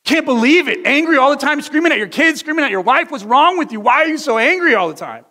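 A harsh imagined God voice yells in a raised, strained pitch, hurling scornful insults. A man acts it out in a sermon. The voice condemns rather than comforts. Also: animated, fast talker, heavily acted. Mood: furious. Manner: scolding, shouting insults.

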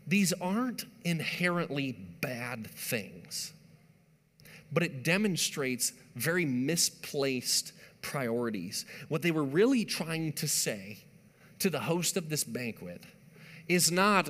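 A man preaching a sermon, with emphatic rises and hushed drops as he makes his points. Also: medium pitch, animated, measured pace. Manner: emphatic preaching, rising and dropping to a hush. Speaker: pastor. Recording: long hall reverb.

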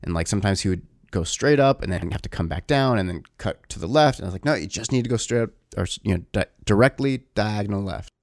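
A man in his thirties telling a rambling, animated story about his son, swearing casually. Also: on the low side, fast talker, few pauses, dry recording, clean studio sound.

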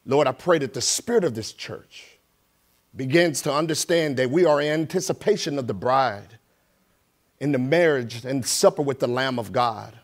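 A man's voice: mid-range voice, normal speed. A middle-aged man, a guest preacher, speaking in a church in a plain, conversational way that grows more emphatic as he reads scripture. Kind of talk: sermon with prayer and scripture reading. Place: church sanctuary.

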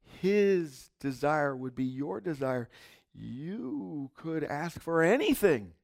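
Slow, animated middle-aged preacher man. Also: on the high side, creaky. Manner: expressive storytelling with sudden soft asides. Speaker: pastor. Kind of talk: sermon.

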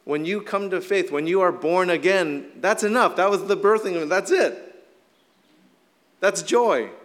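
A middle-aged man, a little hoarse from shouting, preaching a casual, conversational sermon full of "like" fillers. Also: sits high. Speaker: pastor. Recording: long hall reverb.

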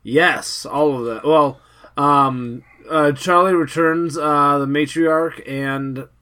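A man's voice: a little high, steady tone, slow, bright, forceful tone. A man playing a tabletop role-playing game, hesitant with many ums and restarts. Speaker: player. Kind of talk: casual tabletop play.

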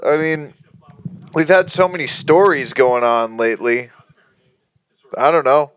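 A man's voice: fairly high pitch, measured pace, pauses often, fairly bright tone, clear, resonant tone, no echo. A man hosting a casual podcast chat, rambling, swearing and laughing often. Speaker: podcast host.

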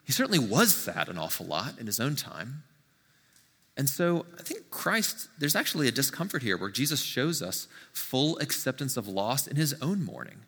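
A man preaching a sermon to his church in a conversational, animated way with frequent asides. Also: medium pitch, breathy edge, in a large hall. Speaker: pastor. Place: church sanctuary.

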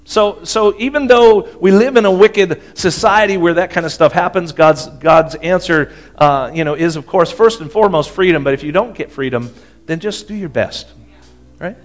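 A man's voice: high voice, normal speed. A man preaching a sermon in a conversational way, often checking in with the congregation. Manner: conversational, asks the audience for agreement. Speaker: pastor.

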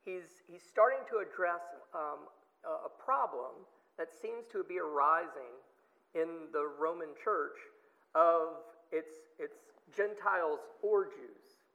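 A man's voice: on the high side, expressive, takes it slowly, vocal fry, sharp tone. A man teaching a Bible study in a chatty, emphatic way, with lots of fillers and restarts. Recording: dull lo-fi sound with long reverb.

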